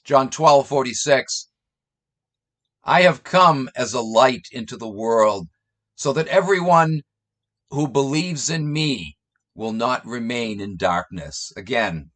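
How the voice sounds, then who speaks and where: Scornful slow-talking man reading scripture. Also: medium pitch, expressive, a bit bright. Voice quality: sarcastic, scornful, mocking. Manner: reads quotes aloud then jeers, slow drawn-out delivery. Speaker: online commentator. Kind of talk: reading and mocking scripture passages.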